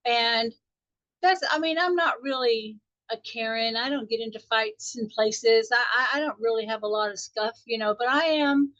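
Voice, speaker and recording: Woman, middle-aged, higher voice, chatty storyteller, laughs often, dull dry call audio. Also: moderate pace, fairly bright tone, no room sound. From Texas. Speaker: spiritual teacher. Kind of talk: group call talk, storytelling.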